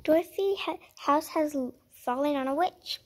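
High-voiced woman reading a storybook aloud; casual, stumbling and self-correcting, chatty asides. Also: moderate pace. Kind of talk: casual picture-book read-aloud.

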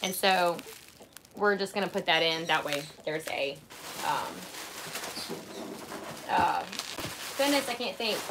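A woman's voice: fairly low pitch, takes it slowly, pauses often. A woman hosting a casual live haul chat at home, rambling along with lots of "um" and "like" as she shows her purchases. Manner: rambling, heavy with fillers like "um" and "like". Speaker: channel host showing purchases. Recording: clear background noise.

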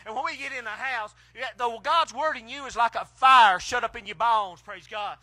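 High, bright-voiced fiery preacher. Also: male voice, normal speed, few pauses, no echo. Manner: swings between hushed and shouted exclamations. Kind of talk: fiery country sermon. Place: outdoor drive-in church service.

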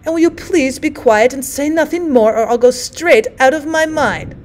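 A woman voicing a bitter, despairing bedridden old woman, loud and accusing. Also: a little high, sing-song, normal speed.

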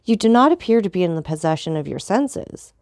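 A woman voicing a calm, commanding aristocratic man who stays coldly polite. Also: fairly low pitch, dry recording, studio quality. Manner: calm, measured, dignified.

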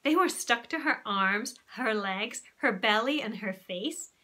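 A young woman, a primary school teacher, reading a children's novel aloud expressively and pausing to explain things. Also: fairly high pitch, expressive, pushed and bright.

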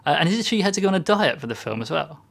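A man rattles out his questions quickly, with a gravelly edge to his voice. He is chatty and a little hesitant, often starting a question over. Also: on the high side, big pitch swings, a bit bright. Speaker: film interviewer. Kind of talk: press junket interview.

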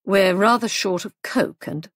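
A woman voicing a young husband who talks in a gloomy, matter-of-fact way, dropping her voice lower. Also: measured pace, dry recording, clean studio sound, natural voice.

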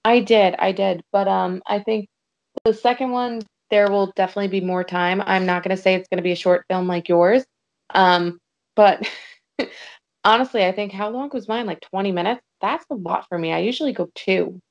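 Gravelly-voiced woman, blunt and dry. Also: mid-range voice, moderate pace. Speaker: podcast guest. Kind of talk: casual chat. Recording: dull lo-fi sound.

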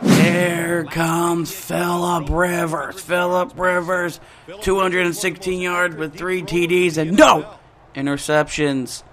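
A young man commentating his own football video game play, getting hyped and shouting at big plays. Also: sits high, level tone, slow. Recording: music playing behind the voice.

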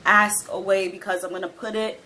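A young woman casually reacting to an anime episode, excitable and giggly, swearing now and then. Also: medium pitch, moderate pace, slight background noise, rough recording.

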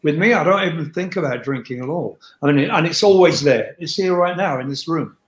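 Older male guest, blunt talker, raised pitch, roomy reverb on the mic. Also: fairly quick. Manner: blunt and frank, swears freely. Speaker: guest, rock singer. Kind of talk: candid interview chat. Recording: roomy echo.

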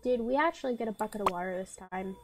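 A woman's voice: medium pitch, fast talker, very noisy. A woman giving chatty, giggly gameplay commentary and reading quest text aloud. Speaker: gamer playing an online dragon game. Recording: game music playing loudly under the voice. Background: loud game music.

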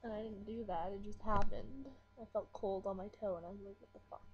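A woman's voice: mid-range voice, steady tone, brisk. A teenage girl vlogging casually at home on a webcam, mumbling, swearing and complaining about being bored. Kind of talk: casual rambling vlog. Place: at home, indoors. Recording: dull lo-fi webcam audio with faint hiss.

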